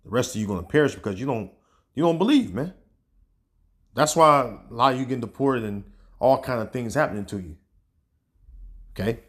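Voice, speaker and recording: Here a man with an animated, somewhat bright medium-pitched voice preaches online in an informal way. His talk is casual and full of fillers like "man" and "all right," and he searches for passages, pausing, before reading scripture and news aloud.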